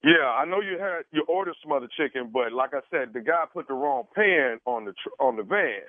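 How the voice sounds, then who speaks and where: A man making a prank phone call for a radio show, halting and stammering with many fillers. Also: medium pitch, lively intonation, no echo. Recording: dry tinny phone line.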